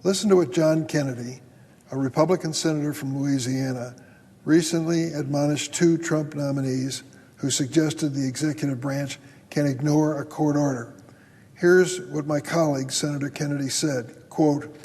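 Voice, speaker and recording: An older man, a senator, delivers a formal floor speech in a measured, deliberate, stern way with a slightly husky voice. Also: on the high side, fairly even intonation, a little mellow. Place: large legislative chamber. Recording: long hall reverb.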